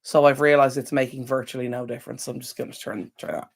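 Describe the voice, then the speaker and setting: A woman's voice: rumbling low, fairly even intonation, quick pace, vocal fry. Chatty Irish woman live-streaming. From Ireland. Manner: chatty, rambling with many ums, addresses viewers by name. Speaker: livestream host. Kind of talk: casual live-stream chat. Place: indoor home room near a window.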